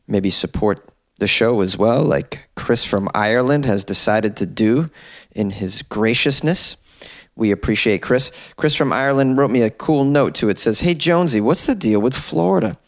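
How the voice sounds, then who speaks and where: A man's voice: mid-range voice, no room sound, clean studio sound. A man hosting a comedic news podcast, joking and rambling with self-mocking asides. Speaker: podcast host.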